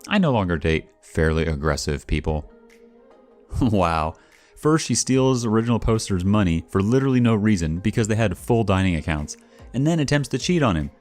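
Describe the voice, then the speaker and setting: A man with a notably deep voice reads a first-person story, his pitch rising and falling with lively expression. His delivery is wry and expressive, like a seasoned channel narrator. Soft music plays faintly underneath. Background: faint background music.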